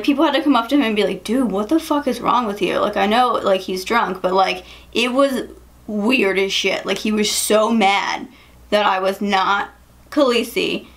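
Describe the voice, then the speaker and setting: Her medium-pitched voice carries vocal fry and a bit of brightness as this young beauty vlogger talks makeup and shares a story. Chatty throughout, she leans on "like" and "um," with quick bursts of laughter.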